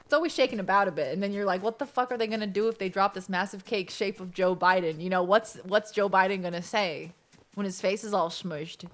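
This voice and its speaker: A woman streaming a video game, chatting casually and rambling with animated, excitable outbursts. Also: mid-range voice, brisk. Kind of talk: casual gaming stream chat.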